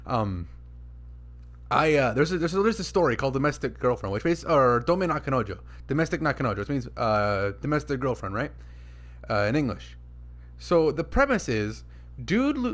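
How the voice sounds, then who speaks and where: A young man streaming, ranting about a story in a casual, profane, animated way. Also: medium pitch, fairly quick.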